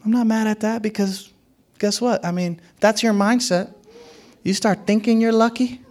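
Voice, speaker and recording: A man's voice: high voice, steady tone, normal speed, a little mellow. A man preaching a sermon as a pastor, in a conversational and playful way, often laughing and acting out what others said.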